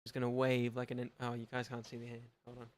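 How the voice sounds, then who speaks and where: A young man signing off his gaming livestream, rambling and self-deprecating, often trailing off into quieter mumbles. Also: medium pitch, monotone, fast. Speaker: gaming streamer. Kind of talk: casual livestream sign-off chat.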